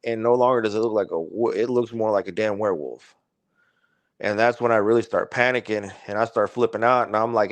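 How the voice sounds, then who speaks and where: A man's voice: fairly low pitch, steady tone, quick pace, no room sound. A man guest on a podcast, telling a story in a casual, rambling way, full of swearing and "like". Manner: rambling, profane, heavy use of "like".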